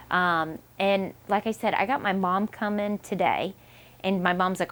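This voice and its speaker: A woman's voice: medium pitch, measured pace. A young woman and new mother talking candidly in a personal vlog, emotional and rambling, with many fillers and restarts.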